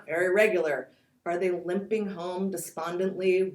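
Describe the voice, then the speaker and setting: A woman's voice: medium pitch, normal speed, echoey room. A woman teaching poetry, introducing her course and reading lines of verse aloud to show their sound. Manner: explains with spoken examples and reads poem lines aloud.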